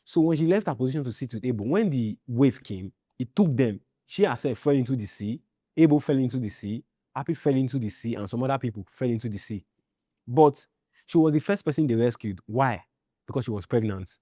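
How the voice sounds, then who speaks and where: Nigerian guy telling his story, mellow voice, dry close sound, keeps repeating and asking "you understand". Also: medium pitch, animated, dry recording. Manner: halting, repeats himself, often asks "you understand?". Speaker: interviewee. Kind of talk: personal storytelling.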